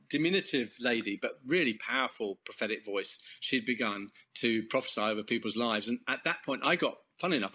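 With a sharp, mid-range voice, an English Christian course leader tells his faith story as a guest. The conversational testimony is casual and rambling, peppered with false starts and small laughs.

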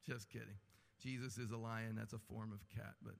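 A man preaching a sermon with animated delivery and humorous asides. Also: lowish voice, normal speed, gravelly. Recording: long hall reverb.

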